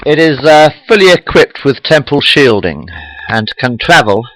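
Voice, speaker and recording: A man voicing a confident starship captain, pausing with fillers, reading on a webcam. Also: mid-range voice, lively intonation, a bit bright, no echo, close to an everyday voice, low-quality recording. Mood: proud. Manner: hesitant with uh fillers. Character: confident male starship captain full of surprises.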